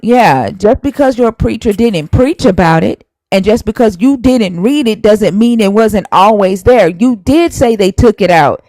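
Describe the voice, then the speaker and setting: A woman's voice: medium pitch, expressive, measured pace, hardly any pauses, dark tone, no echo, low-quality recording. A woman hosting a live stream, arguing heatedly and scolding a viewer while citing scripture verses. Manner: emphatic, scolding, cites scripture.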